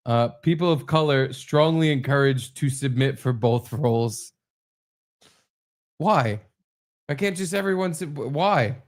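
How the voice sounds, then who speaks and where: A man of ordinary pitch trading jokes on a comedy podcast. His delivery is wry and teasing, with a dry deadpan as he reads through a script with his co-host. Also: a little slow. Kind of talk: joking banter while reading a script aloud.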